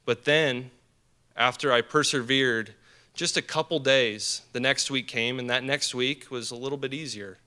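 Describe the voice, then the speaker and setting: A young man giving an earnest, animated personal story as a speaker at a team dinner, with many fillers and restarts. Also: mid-range voice, normal speed, clear, resonant tone. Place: banquet hall.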